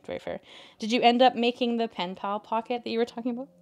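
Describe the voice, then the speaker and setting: A woman's voice: a little high, fairly even intonation, fast talker, a little mellow. A young woman from Canada hosting a crafting live stream, chatting casually with viewers and her cat while she works. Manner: chatty, indecisive, talks to chat and her cat. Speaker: craft video host.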